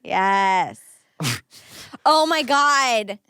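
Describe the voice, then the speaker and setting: A woman co-hosting a podcast in casual chat, excitable and laughing as she quotes movie lines. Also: mid-range voice, extremely slow, clear, resonant tone, dry recording, clean studio sound. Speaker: podcast co-host.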